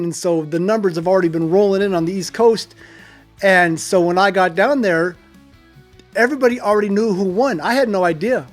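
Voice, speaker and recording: A man in his sixties casually telling a long personal story, wandering off on side trails and chuckling at himself. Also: high-pitched. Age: 60s. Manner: digressive, loses track and chuckles. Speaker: storyteller host.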